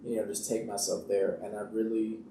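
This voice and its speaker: A young man, an actor, chatting casually in an interview and telling stories in an animated way with frequent laughter. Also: on the low side, a little fast, vocal fry, recorded from a distance. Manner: animated storyteller who laughs often and acts out quotes. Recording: roomy echo, off-mic, faint background hiss.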